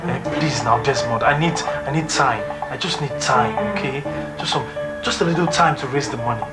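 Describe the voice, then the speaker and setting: A man's voice: medium pitch, fairly quick, lightly acted. An actor playing a desperate young man who begs repeatedly for help, in a film drama. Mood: begging. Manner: pleading, repetitive begging. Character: desperate young man pleading for visa money. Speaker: film character. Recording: film audio under loud music score.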